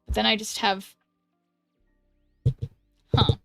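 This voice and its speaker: A woman's voice: medium pitch, flat delivery, takes it slowly, gravelly, fairly bright tone, no room sound. An American woman streaming a game, chatting casually and giggling, trailing off with ums. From United States. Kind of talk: casual chat while gaming. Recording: dry close mic with faint background music.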